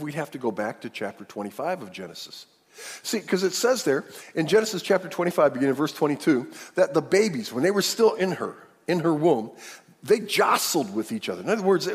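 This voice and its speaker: A male pastor telling a story in a sermon, animated and acting out the characters. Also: fairly high pitch, breathy edge. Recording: long hall reverb.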